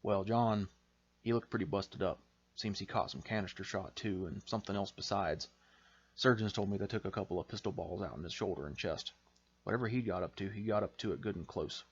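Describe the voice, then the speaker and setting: A man reads a gaunt, unwell infantryman in a storybook reading, speaking in a low, unhurried drawl with homespun turns of phrase. He sounds hesitant and folksy. The audio is slightly dull. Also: husky. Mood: plain. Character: shy, sickly rural Southern male infantry veteran.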